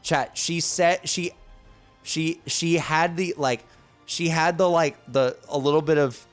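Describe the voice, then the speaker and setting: A young man chatting casually with his stream viewers, animated and excitable, with lots of restarts and fillers. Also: on the high side, takes it slowly, faint music behind.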